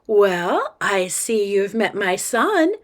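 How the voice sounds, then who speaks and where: Cast a woman as a sweet, sugary mom, slow and gentle. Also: mid-range voice, very animated. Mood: doting. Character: sweet, doting mother.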